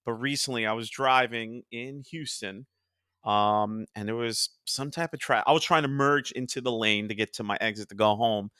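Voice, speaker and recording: A young man from New Jersey hosting a casual podcast chat, chatty and quick to quote cartoon lines in animated voices. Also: mid-range voice, smooth, no echo, clean studio sound. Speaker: podcast host.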